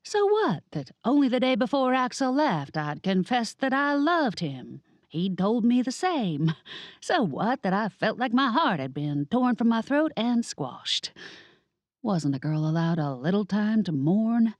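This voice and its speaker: A woman's voice: mid-range voice, sing-song, measured pace, dry recording. A woman narrating a first-person cozy mystery audiobook in a wry, sassy manner.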